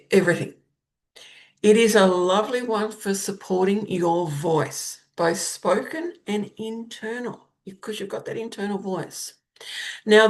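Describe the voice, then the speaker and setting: A woman hosts her own podcast in a relaxed, conversational way, with a voice of ordinary pitch. She trips over a word now and then and laughs it off, and her sentences often fade to a softer close. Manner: chatty and warm about crystals, laughs at her own stumbles over words. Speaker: podcast host, spiritual guide. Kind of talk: casual solo podcast talk.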